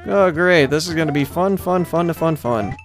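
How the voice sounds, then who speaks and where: A man giving casual gameplay commentary as a let's player, laughing often, swearing, and breaking into loud frustrated outbursts. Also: fairly high pitch, moderate pace, over music.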